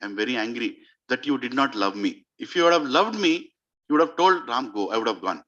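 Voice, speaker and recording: A man voicing a gentle, sorrowful young prince who speaks to his stepmother in a slow, soft, reproachful way. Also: medium pitch, very animated, dull audio, pitched below the performer's own voice.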